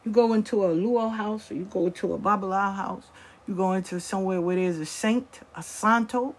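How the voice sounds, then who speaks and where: Middle-aged woman, husky and raspy, swears freely and tells it straight in casual storytelling. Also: mid-range voice, a little fast. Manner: blunt, profane, acts out quoted voices.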